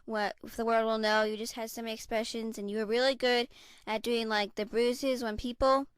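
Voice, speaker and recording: Bubbly woman with a smooth high voice. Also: flat delivery, brisk, no echo. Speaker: theater cast member giving shoutouts. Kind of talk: casual heartfelt shoutouts.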